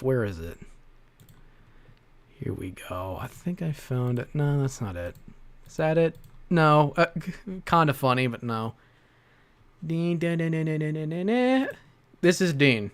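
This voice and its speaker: A man casually commentating on his stream, rambling with frequent laughter and swearing. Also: on the high side. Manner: laughs often, swears freely, rambling asides.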